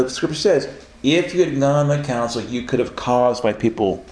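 Male preacher, conversational teaching sermon, animated and playful, mid-range voice in a roomy space. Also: mid-range voice, moderate pace. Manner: animated, acts out quoted voices, laughs often.

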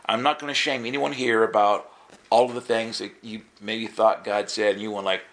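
A man preaching in a casual storytelling way, acting out the dialogue with sudden jumps in his voice. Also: normal speed. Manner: animated storytelling, acts out dialogue with jumps in pitch. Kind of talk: storytelling sermon.

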